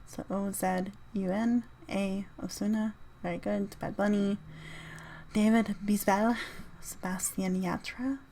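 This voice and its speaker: A woman's voice: mid-range voice, steady tone, slow pace, warm tone. A woman hosting a casual solo podcast, rambling as she reads through her playlist and spells out artist names. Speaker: podcast host.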